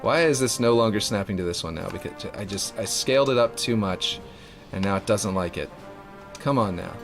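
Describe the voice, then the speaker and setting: A man's voice: fairly low pitch, fairly quick, soft background music. A man from Louisiana with a light Louisiana accent, chatting casually and rambling while he builds a game map on a livestream. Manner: rambling, lots of fillers, laid-back.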